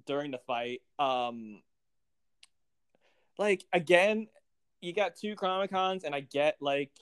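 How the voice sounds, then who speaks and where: Podcast co-host, male, animated recapper with a smooth voice and dry close-miked sound. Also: on the high side, takes it slowly, no echo. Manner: animated, acts out characters' lines. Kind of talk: casual TV recap chat.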